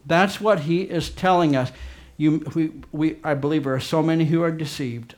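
Pastor guy preaching hard, voice sits kinda high, gets loud then drops real quiet. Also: moderate pace, few pauses. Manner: fervent, swings between loud urgent emphasis and quiet low asides. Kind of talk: sermon.

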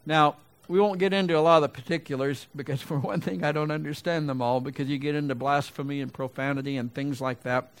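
A man with a slightly higher voice preaches a sermon to his congregation. He swings from loud, ringing emphasis down to quiet, low asides. He often restarts his sentences and talks to the room in a conversational way. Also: steady tone, quick pace, hardly any pauses. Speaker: pastor.

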